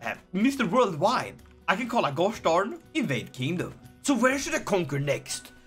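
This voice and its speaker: An excitable man narrates his strategy game in a slightly husky, bright voice, jumping up and down in pitch. He jokes constantly and bursts into shouts when things go his way. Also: normal speed, faint music behind. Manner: excitable and jokey, with sudden shouted outbursts. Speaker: gaming video creator. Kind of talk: gameplay commentary.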